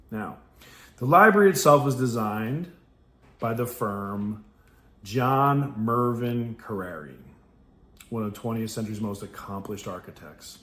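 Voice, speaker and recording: Blunt, animated podcast host from New York. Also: male voice, on the low side, a little slow. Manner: blunt, profane, laughs often. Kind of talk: reflective casual monologue with read passages. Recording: roomy echo.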